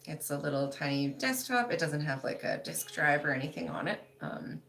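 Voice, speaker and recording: A woman's voice: low-pitched, lively intonation, normal speed, vocal fry, a bit bright, a little hiss or hum. A woman hosting a casual livestream, chatting loosely with lots of "like" and laughing often as she reads viewer comments. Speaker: livestream host.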